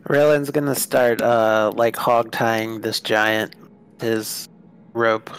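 A man's voice: on the low side, little pitch movement, slow, fairly bright tone, clean tone. A man playing a tabletop game, steadily describing what his character does. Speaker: player. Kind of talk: tabletop role-play narration.

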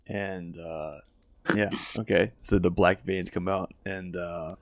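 Game master, male, gravelly low voice, laid-back delivery with lots of "uh"s. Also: slow pace, no echo. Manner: relaxed, chuckling narration with frequent fillers. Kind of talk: narrating a tabletop game.

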